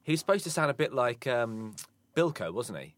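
A man co-hosting a podcast, teasing his friends with quick deadpan jabs. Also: mid-range voice, dry recording. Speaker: podcast co-host. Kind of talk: casual comedic chat.

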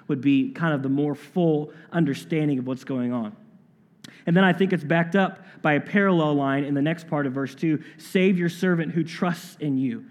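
Preaching man in a reverberant hall. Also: a little high. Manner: earnest preaching, slowing to stress key phrases. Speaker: pastor. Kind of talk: sermon.

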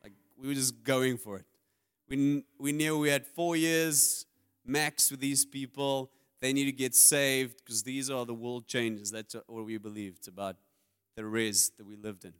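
A man's voice: mid-range voice, flat delivery, a little slow, a bit bright, clean tone. A man, preaching a sermon as a pastor in a candid, confessional way with self-deprecating humor.

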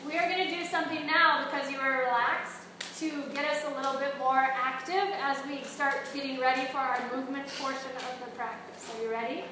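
A female instructor with a high, fairly even voice leads young hockey players through breathing drills and yoga poses, speaking fairly quickly, cheering them on and posing questions. They're in a large, echoey room with background noise, and the distant mic picks up plenty of echo.

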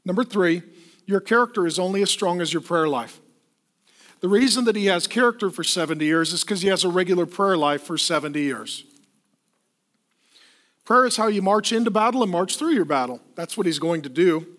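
A middle-aged male pastor preaching a sermon, telling a funny personal story in an animated, self-deprecating way. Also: high-pitched, a little fast.

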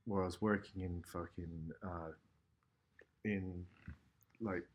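A man's voice: low-pitched, fairly even intonation, takes it slowly, highs cut off. A middle-aged man, telling stories about his graffiti career with a lot of swearing and fillers. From London, England. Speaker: graffiti artist guest. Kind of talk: casual storytelling.

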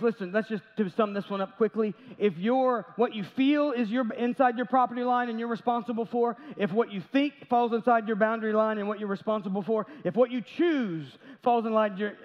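Pastor guy with a high voice, chatty joking sermon, dull sound and big echo hall. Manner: conversational preaching with jokes and acted asides. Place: large church sanctuary. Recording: dull audio with long church reverb.

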